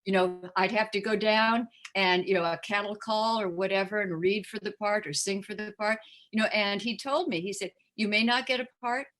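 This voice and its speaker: A woman's voice: medium pitch, steady tone, normal speed, a bit bright. An older woman from the United States, a guest singer and actress chatting casually in an interview, full of "you know" fillers.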